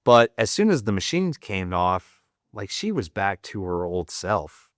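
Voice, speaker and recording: An American Marine veteran, guesting on a podcast, candidly tells a personal story, choked up and teary, with heavy swearing, fillers and halting restarts. His lowish voice has a sing-song quality, captured in clean studio sound with no echo.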